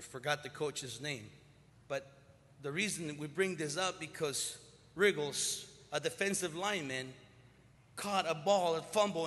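Man in his sixties, preacher, bright forceful voice, slightly high, long hall reverb. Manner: dynamic preaching, swinging from loud to hushed. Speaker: pastor. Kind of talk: sermon.

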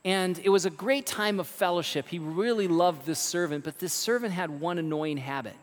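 High-voiced, emphatic male preacher. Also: normal speed. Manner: animated, emphatic, rhetorical questions. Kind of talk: sermon storytelling. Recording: long reverb of a large hall.

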